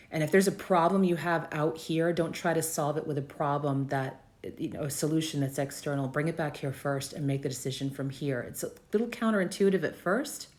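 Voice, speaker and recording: A woman in her fifties hosting a live video, talking off the cuff in a casual, riffing way and repeating phrases for emphasis. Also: sits low. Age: 50s. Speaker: host of a live video for business owners. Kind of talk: off-the-cuff live stream talk.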